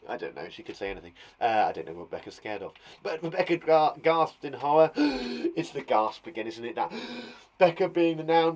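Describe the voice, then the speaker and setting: Lively male teacher acting out sounds. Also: mid-range voice, moderate pace. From England. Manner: chatty, thinks aloud, acts out sounds. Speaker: primary school teacher. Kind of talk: online lesson for young children.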